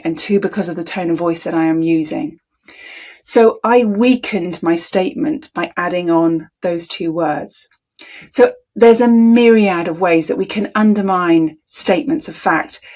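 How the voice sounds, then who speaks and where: A woman communication coach speaking to camera, deliberate and emphatic, sometimes demonstrating tones of voice aloud. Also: fairly low pitch, darkish tone, husky. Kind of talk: talking-head coaching video.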